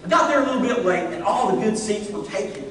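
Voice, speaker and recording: A middle-aged man preaches a sermon from the church stage, telling funny stories with lots of animation. His voice sits unusually high. He is heard from a distance, with a long hall reverb and a faint hiss underneath. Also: fast. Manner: humorous, animated storyteller. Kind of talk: sermon with storytelling. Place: church sanctuary.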